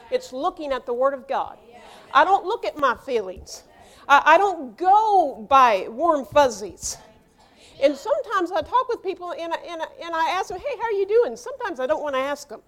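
A middle-aged woman pastor with a high voice preaches a lively sermon, acting out quoted dialogue and building up into shouts.

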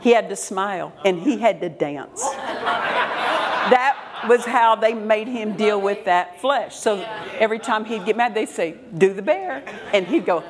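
A woman's voice: medium pitch, expressive, measured pace, a crowd in the background. Emphatic older woman preaching. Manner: emphatic, repeats key words, laughs while telling stories. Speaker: pastor. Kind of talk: sermon. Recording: congregation responding in the room. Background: congregation calling out amens.

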